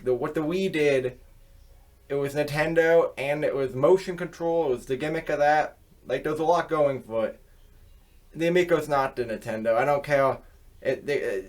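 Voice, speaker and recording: Profane ranting man, slightly high voice. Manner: profane, rambling, with frequent fillers. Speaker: channel host. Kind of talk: casual rant vlog.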